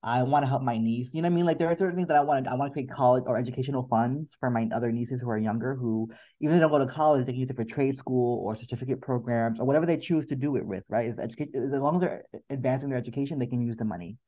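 A man's voice: mid-range voice, very fast, hardly any pauses, lo-fi sound. A man as a podcast guest, talking in an earnest, reflective way and often repeating words as he gathers his thoughts. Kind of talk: emotional interview conversation.

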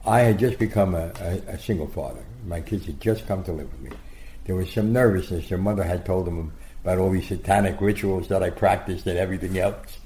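A man being interviewed as a guest, telling rambling, animated anecdotes and acting out the quotes. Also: low-pitched, brisk, slight background noise. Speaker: guest storyteller. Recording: roomy echo.

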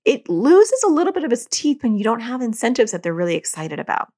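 A woman's voice: on the high side, sing-song, fast, darkish tone. A woman hosting a podcast, explaining in a casual conversational way and acting out dialogue in quoted voices. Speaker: podcast host; parent.

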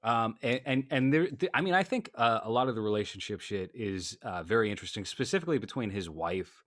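A man with a lowish voice talks films in a loose, casual chat. He is blunt and swears freely, and he now and then mimics characters mid-sentence. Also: expressive, fairly quick, a bit bright, dry recording, clean studio sound. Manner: blunt, profane, acts out characters in quotes. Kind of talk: casual movie review chat.

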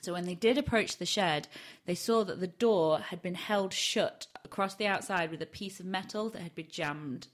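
A woman's voice: on the low side, moderate pace, hardly any pauses. A woman from Yorkshire, England, co-hosting a casual true-crime podcast. She talks in a chatty, self-deprecating way and laughs often. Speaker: podcast co-host.

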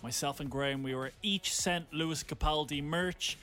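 A man's voice: a little high, normal speed, bright, forceful tone, faint music behind. A man hosting a radio show, announcing a giveaway in a playful, showy way. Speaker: radio host. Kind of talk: casual radio chat.

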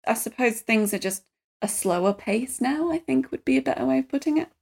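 A woman from England tells her story casually and pauses often to rephrase. Her voice sits fairly high. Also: lively intonation, creaky, husky. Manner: hesitant, fillers and restarts. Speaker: interview guest.

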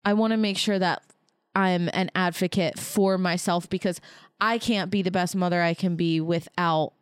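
Smooth-voiced young woman chatting. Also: fairly low pitch, fairly even intonation, normal speed, no room sound, clean studio sound. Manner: chatty, self-reflective, with frequent fillers and laughs. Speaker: podcast co-host, expectant mother. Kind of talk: casual couple chat.

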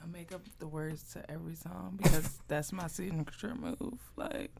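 A woman's voice: low voice, steady tone, normal speed, gravelly, very noisy. A woman in casual chat with friends, laid-back and joking. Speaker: podcast co-host.

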